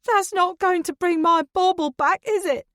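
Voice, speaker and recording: A woman's voice: very animated, measured pace, darkish tone, no room sound, clean studio sound. A woman narrator voicing a distraught middle-aged woman who wails melodramatically over a broken heirloom. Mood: tearful, outraged. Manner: shrill, wailing, theatrical. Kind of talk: audiobook character voice.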